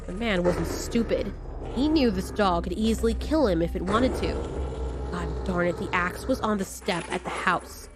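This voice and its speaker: Female narrator for a scripted horror tale; slightly high pitch, deliberate pauses, light music bed. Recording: faint background music.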